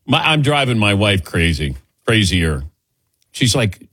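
A man's voice: on the low side, very animated, measured pace, fairly bright tone, breathy edge, no room sound. A man in his sixties hosting a call-in sports radio show, chatty and laughing easily as he tells stories. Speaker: radio sports talk host.

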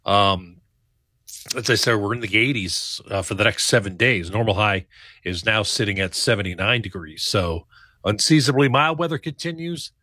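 A male meteorologist talks through the forecast in a relaxed, rambling way, full of ums and asides. His voice is bright and forceful, and the recording is dry and close. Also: on the low side, moderate pace, slightly rough, dry recording. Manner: loose, conversational, many fillers. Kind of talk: casual weather forecast chat.

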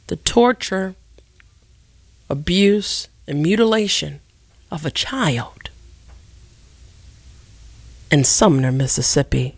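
A middle-aged woman from Chicago hosting a solo radio talk show, speaking with impassioned, deliberate emphasis like a preacher. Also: sits low, no room sound, clean studio sound.

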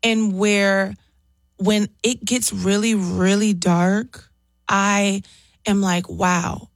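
Woman guest, candid and animated, laughs often; dry, close recording. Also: mid-range voice, extremely slow, no room sound. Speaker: interview guest. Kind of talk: casual interview chat.

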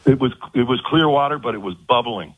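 A man telling of his abduction as an interview guest, halting and repeating words in earnest. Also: medium pitch, animated, slightly rough, no room sound. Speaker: guest recounting an abduction experience. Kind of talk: phone-in interview. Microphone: telephone. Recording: tinny phone line.

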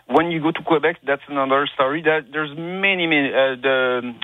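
Halting male caller on a phone line. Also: on the high side, no echo. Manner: halting, many restarts and fillers. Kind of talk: call-in phone chat.

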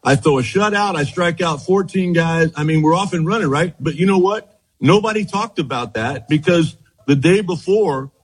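A man in his sixties, a former pitcher, telling lively anecdotes in an interview and acting out the quotes. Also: normal speed, slightly rough, rough recording. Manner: animated anecdotes, repeats words, acts out quotes. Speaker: former baseball pitcher, guest. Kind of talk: storytelling interview.

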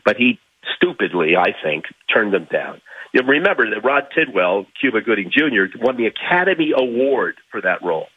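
A man from Miami, a guest in an interview, telling anecdotes in an animated way and restarting his phrases. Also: lowish voice, moderate pace, slightly rough, dry recording, narrow, tinny audio. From Miami, United States. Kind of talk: storytelling interview.

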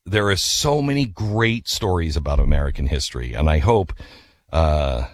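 A radio host man telling an animated story in a chatty way, then reading ads. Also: rumbling low, normal speed, no echo. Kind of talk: storytelling and ad reads.

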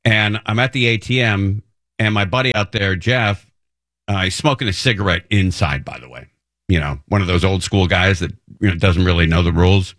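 A middle-aged man hosting a talk radio show, telling a rambling, self-deprecating story in an animated way. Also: low voice, normal speed, no room sound, studio quality. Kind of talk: casual monologue storytelling. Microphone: studio microphone.

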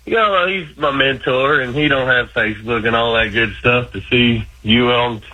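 A man's voice: mid-range voice, normal speed, dull audio. A man from Arkansas with an Arkansas accent, calling a radio show in an easygoing, rambling way. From Arkansas, USA. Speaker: radio caller. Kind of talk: casual phone-in chat.

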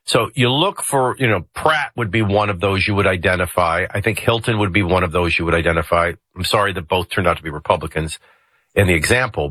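A male talk radio host with a low, bright, forceful voice and a slightly husky edge. He gives political commentary in a jokey, conversational way and often restarts his sentences. The studio sound is close and dry. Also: no echo.

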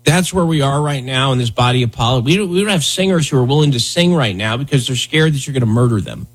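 A man's voice: mid-range voice, lively intonation, quick pace, breathy edge, low-quality recording. A man hosting a political commentary show, talking bluntly and heatedly, often repeating himself.

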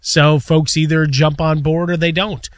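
A man's voice: fairly high pitch, flat delivery, unhurried, dry recording. A man co-hosting a sports radio show in a studio, chatting conversationally with dry quips.

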